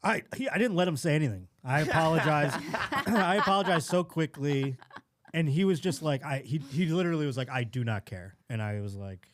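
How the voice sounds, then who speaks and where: A man's voice: on the high side, expressive, brisk, slight background noise. A comedian from Buffalo, New York, telling a story as a podcast guest, acting out scenes in quoted voices and laughing as he goes.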